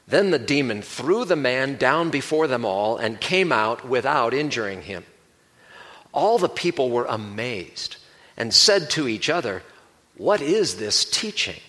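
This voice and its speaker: Bright-voiced male preacher teaching. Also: mid-range voice, expressive. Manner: explanatory, measured Bible teaching. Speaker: pastor. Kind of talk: sermon.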